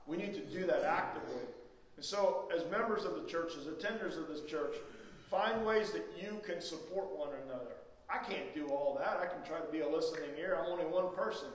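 Man, pastor, emphatic sermon, fairly high voice, booming church reverb, distant mic. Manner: emphatic preaching, rising to loud pleading questions. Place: church sanctuary. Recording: echoey church hall, mic far off.

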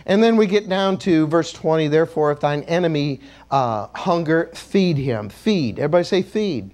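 A man preaching in a church with a high, lively voice that swings up and down. He jokes with the congregation and has them repeat key words after him. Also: normal speed. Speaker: bishop. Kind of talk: sermon.

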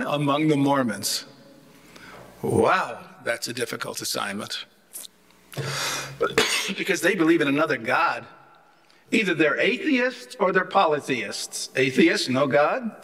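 Older man, fairly high voice, humorous lecture, wry asides, rambling restarts. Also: sing-song, takes it slowly, long pauses, a bit bright. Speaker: guest theology lecturer.

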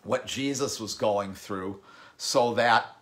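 Preaching in a lowish voice, a male pastor reads scripture in a slow, deliberate way and often repeats words mid-thought. He moves back and forth between emphatic, loud moments and softer stretches.

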